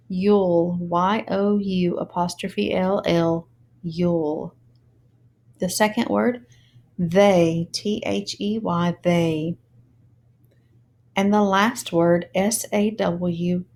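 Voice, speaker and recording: A woman teaching a phonics lesson, speaking slowly and deliberately and spelling words out letter by letter. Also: on the low side, fairly even intonation, darkish tone, slight background noise.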